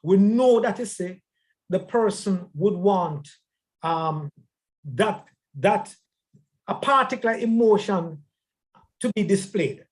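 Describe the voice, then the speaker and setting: A man's voice: high-pitched, slow, pauses often. A man teaching a church life-skills class in a conversational way, emphatic and often repeating words.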